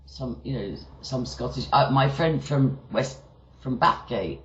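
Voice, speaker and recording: A man's voice: medium pitch, unhurried, reverberant, dull audio. A man interviewing a guest in casual, chatty talk, telling anecdotes. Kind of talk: casual chat.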